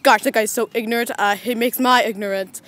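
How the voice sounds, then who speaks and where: A woman's voice: fairly high pitch, fairly even intonation, a little fast, a bit bright. An eleven-year-old girl hosting a playful mock nature documentary vlog outdoors, dramatic and giggly. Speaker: vlog host. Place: outdoors in a neighborhood.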